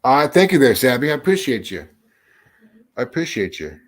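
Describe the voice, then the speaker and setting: With a medium-pitched, sing-song voice at a moderate pace, this livestream host chats casually, welcoming viewers and speaking bluntly with plenty of swearing and frequent restarts.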